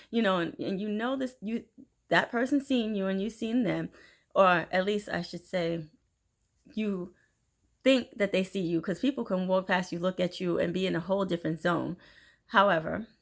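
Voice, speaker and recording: A woman giving a casual motivational talk, chatty and animated, acting out little scenes as she goes. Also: fairly low pitch, gravelly. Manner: chatty, animated storytelling with laughs and acted-out quotes. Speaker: inspirational speaker.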